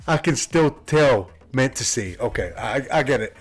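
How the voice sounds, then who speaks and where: A man's voice: medium pitch, moderate pace, few pauses, soft background music. A Scottish man streaming from a room at home, chatting in a rambling way and reading his viewers' messages aloud. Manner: rambling, reads chat aloud. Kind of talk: casual chat with viewers.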